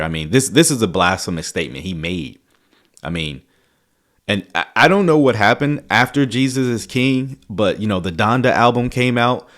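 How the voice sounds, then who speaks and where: A man with a lowish voice delivers theology commentary in an emphatic, preacherly way. He hosts the channel and reacts to clips he plays. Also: fairly bright tone.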